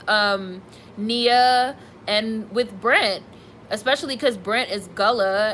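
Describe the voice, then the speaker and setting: A woman's voice: medium pitch, a bit bright, a little hiss or hum, poor audio. A young woman streaming live, reading viewer comments and reacting with candid, sassy asides. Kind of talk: casual live-stream chat.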